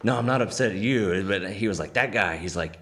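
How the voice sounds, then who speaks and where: A man's voice: fairly low pitch, brisk, a bit bright. A man co-hosting a podcast in casual chat, telling a story in a laid-back, chuckling way. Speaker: podcast co-host.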